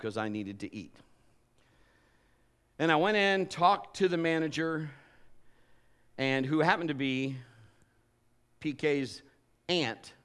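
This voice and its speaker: A male pastor preaching a sermon and telling stories with humor and energy. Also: medium pitch. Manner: animated, humorous storytelling.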